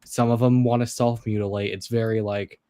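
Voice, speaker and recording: A man's voice: on the low side, flat delivery, a little fast, mellow, smooth, no echo. A man co-hosting a stream, talking casually and rambling with laughs. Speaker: stream co-host. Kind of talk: casual chat.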